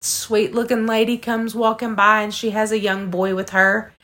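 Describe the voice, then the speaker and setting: A woman's voice: mid-range voice, little pitch movement, normal speed, fairly bright tone. A woman telling a personal story earnestly on a casual podcast, talking straight to her listeners. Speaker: podcast co-host.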